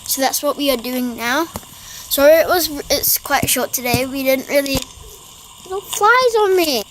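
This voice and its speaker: A woman's voice: high voice, normal speed, a little hiss or hum, poor audio. A young girl chatting casually in a family vlog, rambling and restarting her sentences. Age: child. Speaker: vlogger. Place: garden outdoors.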